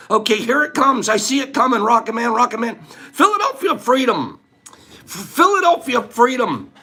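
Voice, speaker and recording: A man hosting a playful live-stream giveaway, calling out names loudly in a singsong way. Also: high-pitched.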